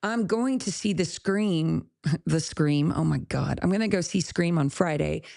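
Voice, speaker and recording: A woman's voice: low-pitched, a little slow, gravelly, dark tone, no echo, studio quality. A woman hosting a podcast, ranting bluntly and casually, with profanity and laughs at her own jokes. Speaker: podcast host.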